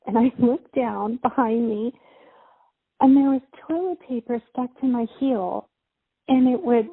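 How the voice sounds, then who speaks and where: A middle-aged woman, a mother, casually telling a personal story in a rambling, halting way with many fillers and restarts. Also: a little high, breathy edge, dry recording. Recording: tinny phone-like sound, dry.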